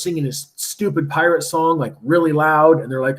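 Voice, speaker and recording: A man's voice: on the high side, normal speed. Chatty man retelling a story to a class. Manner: chatty, lots of "like" and "right?". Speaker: teacher. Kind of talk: casual storytelling to students.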